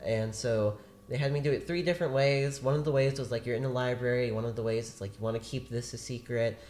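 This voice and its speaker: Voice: mid-range voice, steady tone, fast, darkish tone, slight background noise. An actor as a guest, telling a long story in a chatty, rambling way during a casual interview. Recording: roomy echo.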